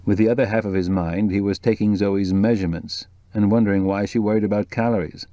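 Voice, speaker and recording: A man narrating an audiobook in a measured, even storytelling voice. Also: fairly low pitch, dry recording. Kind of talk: scripted narration.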